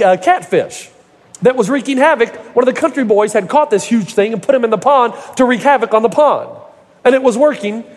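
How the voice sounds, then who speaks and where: A middle-aged male pastor preaching a sermon, telling folksy stories with humor and building to emphatic points. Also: very high-pitched. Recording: echoey hall reverb.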